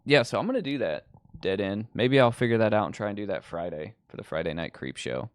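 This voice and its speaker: A man's voice: fairly low pitch, animated, fast talker, dry recording. A man hosting a livestream, rambling casually with lots of ums and likes. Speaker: livestream host.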